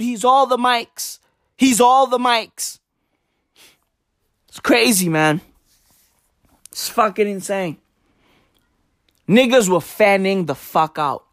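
A man with doing a profane, animated comedy rant. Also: very high-pitched, no echo, clean studio sound. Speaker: commentator.

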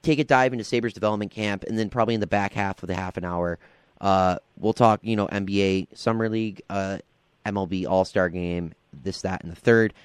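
A man with a lowish voice hosts a laid-back sports talk show on college radio. He rambles and fills gaps with ums and you-knows, sounding affable. The sound is dry and close. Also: steady tone, brisk, clear, resonant tone, no room sound. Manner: rambling, filler-heavy, affable.

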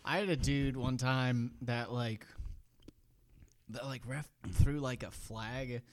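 A man co-hosting a podcast, telling stories in casual chat and loudly acting out other people's lines. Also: mid-range voice, slow pace. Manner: animated, acts out voices in shouts. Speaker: podcast co-host.

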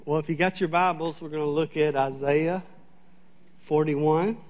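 High-voiced storytelling preacher man. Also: normal speed. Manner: animated, chatty storyteller with frequent fillers. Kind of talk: sermon with humorous storytelling. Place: church sanctuary.

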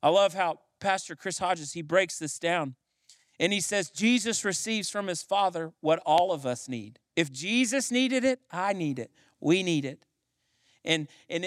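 A man's voice: high voice, animated, a little slow, no room sound, clean studio sound. A middle-aged man preaching a sermon as pastor, building to emphatic, repeated lines. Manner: preaching with rising emphasis and repetition.

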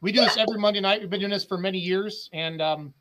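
A man hosting a live weekly show in a high, bright voice. He rambles, cracks corny jokes and keeps things loose. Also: fast talker, slight background noise, rough recording. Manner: jokey, rambling, laughs often. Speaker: host.

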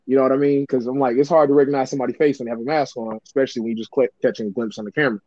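Guy cohosting a podcast, laughs a lot, cusses, mellow voice, muffled dry sound. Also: mid-range voice, rapid-fire, no room sound. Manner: laughs often, swears freely, lively sarcastic delivery. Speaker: podcast co-host. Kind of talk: casual podcast banter.

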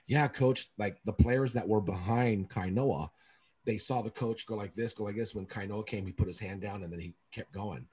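Middle-aged male co-host, husky voice, low-pitched, lively storyteller who acts out quotes. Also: a little fast. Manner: animated storyteller acting out quotes. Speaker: podcast co-host, youth basketball coach. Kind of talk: casual chat, storytelling.

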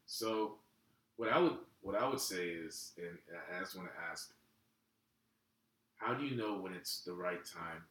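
A man hosting a relaxed podcast chat, easygoing and calling his guest bro. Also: low-pitched, unhurried, long pauses, reverberant, rough recording. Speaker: podcast host. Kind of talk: casual chat.

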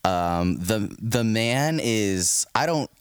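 A man's voice: lowish voice, expressive, very slow, clear, resonant tone, no echo, studio quality. A man casually telling a story in a laid-back chat, laughing often and swearing freely. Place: Los Angeles area.

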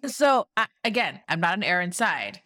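Bright-voiced, lively woman podcast co-host. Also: fairly low pitch, moderate pace, dry recording, clean studio sound. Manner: wry, incredulous commentary with quoted asides. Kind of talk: casual recap chat.

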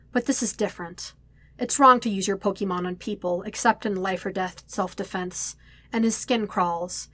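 A woman reading a fan story aloud in a quiet, steady narrating voice. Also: medium pitch, dry recording. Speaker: podfic reader. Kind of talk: audiobook reading.

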